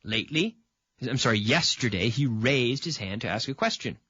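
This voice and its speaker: A man's voice: mid-range voice, expressive, normal speed, pushed and bright, slightly rough, no echo, highs cut off. A man from Canada teaching an English grammar lesson on video. He repeats example sentences and checks in with the viewer by asking "okay?".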